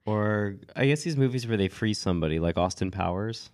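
A man co-hosting a podcast with a cold, telling stories in a relaxed chatty way with lots of "like" and small laughs. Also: fairly low pitch, fairly quick, clear, resonant tone, dry recording, studio quality. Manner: relaxed storytelling with frequent "like" and laughs. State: has a cold. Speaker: podcast co-host. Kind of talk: casual chat.

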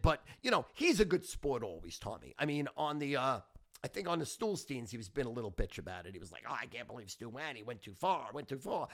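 A man's voice: a little high, vocal fry, bright, forceful tone. A middle-aged man hosting a podcast, telling stories in a brash, profane, boastful way. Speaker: podcast host. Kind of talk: casual storytelling monologue.

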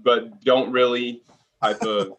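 A man's voice: medium pitch, fairly even intonation, slow, a bit bright. A man who is a guest on a casual podcast, speaking hesitantly.

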